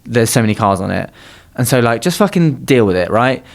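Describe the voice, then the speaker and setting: A man's voice: medium pitch, big pitch swings, fairly quick. A young man co-hosting a podcast, ranting bluntly and swearing in casual chat. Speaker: podcast co-host.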